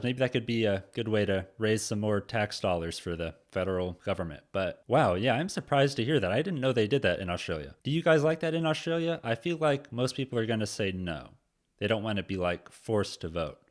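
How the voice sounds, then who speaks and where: A man from the United States giving casual, animated reaction commentary, laughing often. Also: lowish voice, a little fast. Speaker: reaction channel host.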